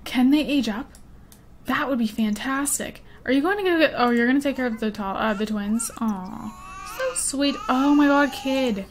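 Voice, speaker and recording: A woman's voice: high-pitched, normal speed, a little hiss or hum. A young woman rambling and giggling as she plays a life-sim game, easily distracted and chatty. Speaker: gaming YouTuber. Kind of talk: rambling let's play commentary with story time.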